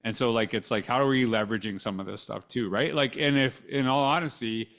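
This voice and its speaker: A man's voice: medium pitch, a little fast, a bit bright. A male podcast host chatting casually with a guest. He circles back and restarts his thoughts often, with a dry, sarcastic edge now and then. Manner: rambling with many restarts, dry sarcastic asides. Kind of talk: casual conversational interview.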